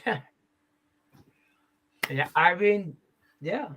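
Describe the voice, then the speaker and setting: Man, sports betting host, casual chat, joking, swears, slightly high voice. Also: lively intonation, drawn-out words, bright, forceful tone, a little hiss or hum.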